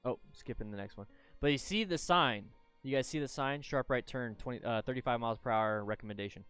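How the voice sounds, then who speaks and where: A man hosting a live stream, chatting casually as he reviews motorcycle crash videos and sometimes bursts into loud, excited shouts. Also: mid-range voice, fairly quick, clear, resonant tone, no room sound, faint music behind.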